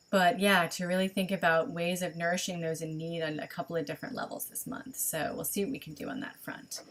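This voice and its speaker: A woman leading an online spiritual gathering over a webcam, talking casually and thinking aloud with many pauses and ums. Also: fairly low pitch. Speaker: online service leader. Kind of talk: online livestream teaching.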